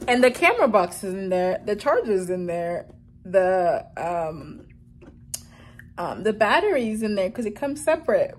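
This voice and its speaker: A woman's voice: medium pitch, a little slow, darkish tone, a little hiss or hum. A young woman talking to the camera at home in a casual, rambling vlog, often laughing at her own mishaps. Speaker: vlogger.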